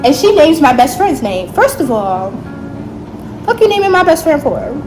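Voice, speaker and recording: Late-teen woman, high bright voice, animated slangy storytime, music playing underneath. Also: normal speed, rough recording. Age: late teens. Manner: animated, emphatic retelling with slang and asides. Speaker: vlogger. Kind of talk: storytime narration.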